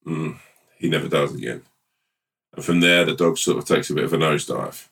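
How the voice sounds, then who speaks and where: A man co-hosting a podcast, chatting casually and telling a rambling, playful made-up story with halting restarts. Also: extremely low pitch, vocal fry, a bit bright, distant mic. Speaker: podcast co-host. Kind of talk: casual chat and improvised storytelling.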